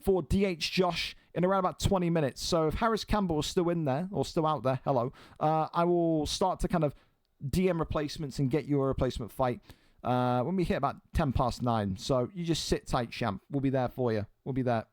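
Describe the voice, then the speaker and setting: Man, stream host, fight commentary, blunt, swears freely, voice on the high side, dry sound. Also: moderate pace, darkish tone, dry recording. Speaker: host and commentator of an online game fight league.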